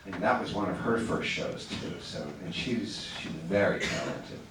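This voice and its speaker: A man's voice: sits low, lively intonation, moderate pace. A man answering fan questions as a guest actor at a convention, chatty, stammering through restarts and laughing easily. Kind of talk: casual convention Q&A. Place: large convention hall stage. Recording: echoey hall, far from the mic, noisy.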